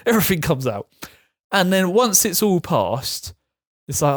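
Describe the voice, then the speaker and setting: A man's voice: on the high side, expressive, slow pace, long pauses, no room sound. Frank man, dry close sound. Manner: frank and self-deprecating, laughs at hard moments. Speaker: vlogger sharing his illness story. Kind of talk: candid personal storytelling.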